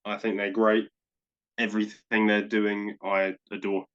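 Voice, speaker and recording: A man co-hosting a podcast in casual chat, enthusiastic and quick to act out little asides. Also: lowish voice, flat delivery, fairly bright tone, lo-fi sound. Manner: enthusiastic, talks in bursts with quick acted-out asides. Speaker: podcast co-host.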